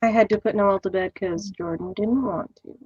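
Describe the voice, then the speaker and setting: A woman's voice: medium pitch, moderate pace, a little mellow, breathy edge, no echo, lo-fi sound. A young woman chatting casually about everyday errands, matter-of-fact. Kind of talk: casual chat.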